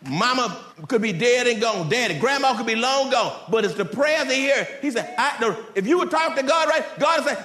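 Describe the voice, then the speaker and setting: A man, a pastor, preaching a fiery Sunday sermon in a church, swinging between shouted climbs and low, slow warnings and speaking straight to his congregation. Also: lively intonation. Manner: folksy, direct address to the congregation. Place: church sanctuary. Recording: roomy church echo.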